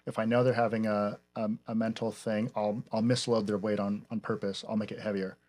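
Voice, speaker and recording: Podcast guest, male gym owner, low-ish voice, halting and relaxed. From Oregon. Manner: halting, many fillers and restarts. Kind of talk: casual podcast conversation.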